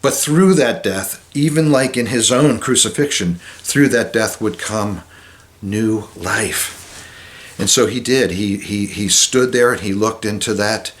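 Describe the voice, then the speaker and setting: A man speaking as a chaplain, giving an informal devotional talk in a conversational way that drops soft and low at solemn moments. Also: measured pace. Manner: conversational, with many restarts and fillers.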